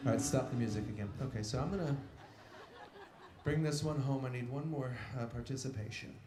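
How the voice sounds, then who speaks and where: A man's voice: mid-range voice, a little fast, music in the background. A man singing on an outdoor stage and playfully coaching the crowd to sing along, through a stage microphone. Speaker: singer and entertainer. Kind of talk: live concert singing with crowd banter. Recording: echoey outdoor stage recording with loud band.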